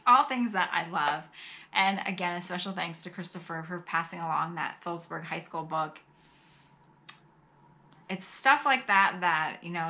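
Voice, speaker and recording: A middle-aged woman chatting casually as she opens fan mail at home, gushing and exclaiming, with soft sighs and laughs. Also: fairly low pitch. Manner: often sighs and laughs softly. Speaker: vlogger opening fan mail. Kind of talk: casual chat.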